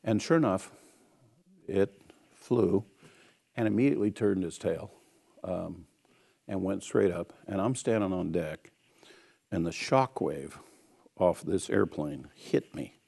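A man's voice: sits low, lively intonation, slow pace, gravelly, long pauses, warm tone. A man preaching a sermon, telling a personal story and exhorting his listeners in an earnest storytelling way.

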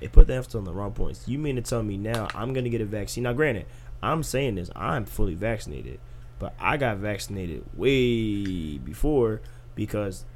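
A man's voice: on the low side, a little hiss or hum. A young man in casual podcast chat, arguing with rhetorical questions. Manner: animated, argumentative, rhetorical questions.

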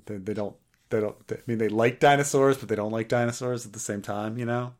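A man's voice: on the low side, steady tone, fast talker. A man co-hosting a casual review podcast, rambling and sarcastic, with frequent stammers and restarts. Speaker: podcast co-host.

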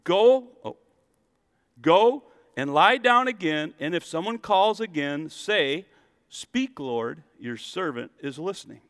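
A man voicing the old priest Eli, drowsy and gruff, with a slow, grumbling delivery, in an echoey church hall. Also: a little high, animated, a bit bright, heavily acted. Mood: patient.

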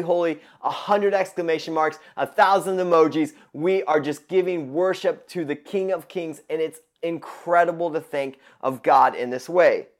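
A man preaching a sermon to his congregation, emphatic and repeating words for stress. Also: a little high. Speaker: pastor.

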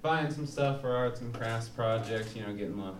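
A man's voice: mid-range voice, normal speed. A man doing live stand-up comedy, telling a rambling, profane, self-mocking story to an audience. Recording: echoey room, from far off, loud noise. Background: audience laughter.

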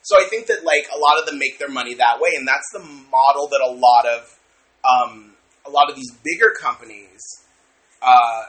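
A man's voice: mid-range voice, normal speed, fairly bright tone. A man co-hosting a podcast in casual chat, rambling with restarts and laughing often. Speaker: podcast co-host.

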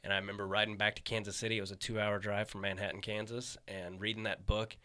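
A man's voice: lowish voice, fast talker, smooth. A man who is a stand-up comedian, hosting a casual chat and telling stories with lots of swearing. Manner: animated storyteller, swears freely, acts out quotes. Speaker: podcast host, stand-up comedian.

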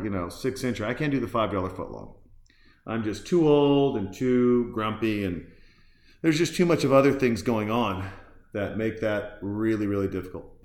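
A man's voice: on the low side, roomy sound. A man hosting a podcast in casual chat, rambling loosely with lots of fillers and restarts. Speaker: podcast host. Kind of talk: casual chat, reacting to a film while drinking beer.

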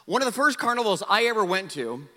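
A middle-aged man from South Dakota preaching a storytelling sermon, animated and self-mocking, acting out his own past lines. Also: high-pitched, quick pace. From South Dakota, USA. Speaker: pastor. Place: large church auditorium. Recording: hall reverb.

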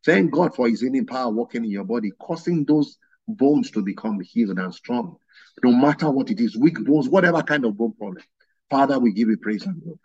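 Husky man preaching with passion. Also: medium pitch, animated, brisk, a little mellow, lo-fi sound. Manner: impassioned storytelling preaching. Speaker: guest preacher. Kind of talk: sermon.

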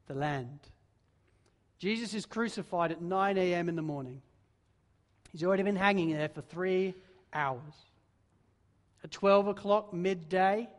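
A man preaching a sermon with dramatic delivery that builds in force and then sinks low and soft. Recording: long reverb of a large hall.

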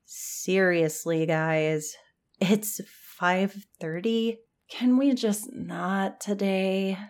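A woman voicing Jan, an easygoing teenage girl who jokes and calms her friends, in a laid-back tired tone. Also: medium pitch, extremely slow.

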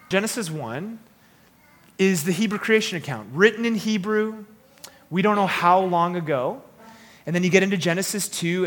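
A male pastor giving a conversational sermon, reading scripture and checking in with the congregation with quick asides and jokes. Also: a little high, fairly bright tone. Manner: chatty, asks the congregation questions, jokes; reads scripture aloud.

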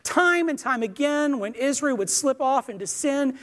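Male preacher, sermon, emphatic delivery, lively pitch swings. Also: normal speed. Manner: earnest, emphatic preaching with dramatized quotes.

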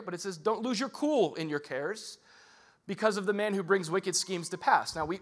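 A man preaching a casual, conversational sermon, animated and full of rhetorical questions. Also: high-pitched. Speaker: pastor.

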